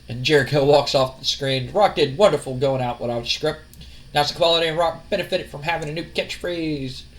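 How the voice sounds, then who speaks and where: A man's voice: fairly high pitch, brisk. A young man casually narrating a wrestling sim game, rambling and swearing as he retells the action. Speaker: let's-play narrator.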